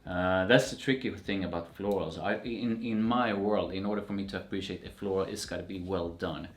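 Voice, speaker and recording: Low-voiced man, casual and opinionated, echoey room. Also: a little fast. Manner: relaxed, opinionated, hedging with fillers. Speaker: co-host rating fragrances. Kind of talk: casual chat.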